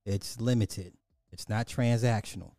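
A man co-hosting a casual talk show, explaining points in a measured, deliberate way. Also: on the low side, mellow, no echo, clean studio sound. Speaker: podcast co-host.

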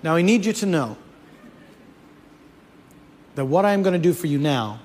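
A man, a comedian, telling a comic story in an animated way. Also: fairly high pitch, moderate pace, long reverb tail, a little hiss or hum. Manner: animated, building to mock-outraged shouts.

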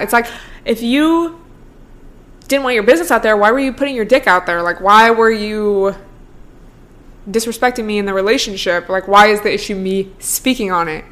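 A woman's voice: fairly high pitch, a bit bright. A young woman in her twenties hosting a solo podcast, talking casually with lots of "like", swearing freely and laughing often. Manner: chatty, profane, full of "like", laughs often. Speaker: podcast host.

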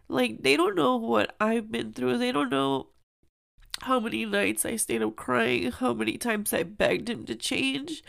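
A young woman talks in an earnest, confiding podcast monologue, her voice emotional and sometimes near tears. Her voice sits a little high and has a gravelly fry. The sound is dry and close, with no room around it. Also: no echo. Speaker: podcast host.

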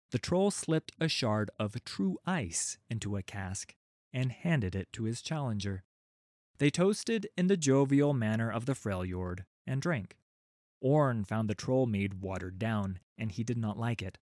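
A man's voice: mid-range voice, darkish tone, dry recording, studio quality. A man narrating a children's storybook, with wry, playful asides to his listeners.

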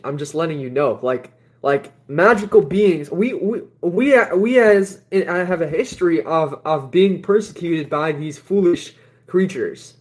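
A man's voice: fairly high pitch, a little mellow. A man hosting a spiritual livestream in casual talk. He rambles, repeats his words, laughs often and sounds blunt and dismissive.

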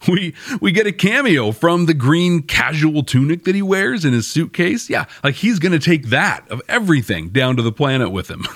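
Host, young man, lively wry recap, dry close sound. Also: on the high side, moderate pace, few pauses, no room sound. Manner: wry, animated, chuckling asides. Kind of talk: casual episode recap.

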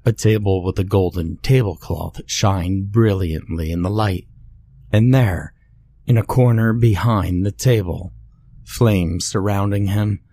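A man narrating a scary story in a measured, scripted way. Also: low-pitched, mellow, no echo.

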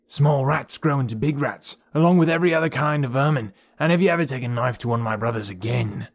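Gruff menacing forest thug, as an audiobook narrator does him, sneering, hostile, bullying, dry close sound. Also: male voice, mid-range voice, fast, dry recording, lightly acted. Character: menacing gruff adult male forest dweller. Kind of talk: audiobook character voice.

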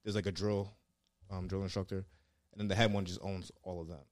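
A man's voice: sits low, little pitch movement, a little fast, no echo, clean studio sound. A man telling rambling, profanity-laced stories in casual chat, full of fillers. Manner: laid-back, swears a lot, lots of fillers. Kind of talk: casual storytelling.

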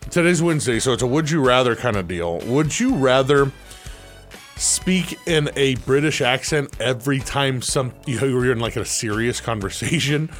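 A man's voice: medium pitch, lively intonation, faint music behind. Playful, laughing male co-host. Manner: playful, laughing, quick asides. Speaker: radio co-host. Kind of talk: casual studio banter.

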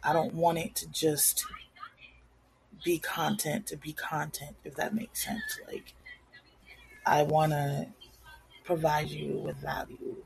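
A woman's voice: sits low, huge pitch swings, slow, vocal fry, long pauses, darkish tone, slight background noise, low-quality recording. A woman hosting her own podcast in a rambling, candid, casual way. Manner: rambling, candid, self-deprecating. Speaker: podcast host. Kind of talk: casual solo podcast chat. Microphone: home recording setup.

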